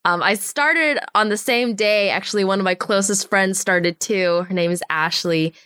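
A woman's voice: medium pitch, moderate pace, smooth, no echo, studio quality. A woman in her twenties, a storyboard artist, chatting casually in an interview and animatedly acting out the voices of people in her stories. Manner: animated, acts out quoted voices.

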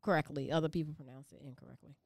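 A woman's voice: sits low, steady tone, very fast, darkish tone, no echo. A woman from Savannah, Georgia, chatting casually and teasingly, with many fillers. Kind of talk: casual chat.

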